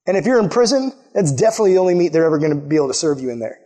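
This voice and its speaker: A man preaching a casual sermon, telling a story and acting out quotes in lively put-on voices. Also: a little high, rapid-fire. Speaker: pastor.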